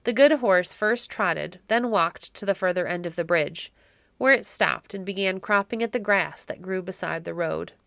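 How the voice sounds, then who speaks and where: A woman narrating a classic novel for an audiobook podcast, with calm, measured storytelling. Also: fairly low pitch, vocal fry, dry recording.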